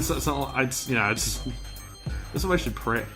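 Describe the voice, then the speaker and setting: Bright-voiced rambling podcast host man. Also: medium pitch, lively intonation, brisk, faint music behind. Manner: rambling, lots of restarts. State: buzzing on caffeine. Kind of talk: casual chat.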